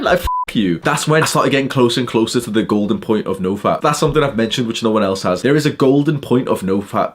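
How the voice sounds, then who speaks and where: A young man holds forth in a heated, profane rant about self-improvement. His voice sits at a middling pitch, and he keeps slipping into scornful, mocking asides. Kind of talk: ranting monologue.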